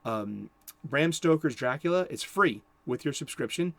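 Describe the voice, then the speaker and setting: A man's voice: medium pitch, expressive, measured pace, gravelly, fairly bright tone, no echo. A man giving casual commentary on horror movies, rambling and chuckling, with many restarts.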